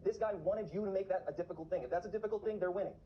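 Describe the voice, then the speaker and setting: A man's voice: high voice, rapid-fire, highs cut off. A man talking to camera in a casual vlog, urgently exhorting his viewers. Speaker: vlogger on remote viewing.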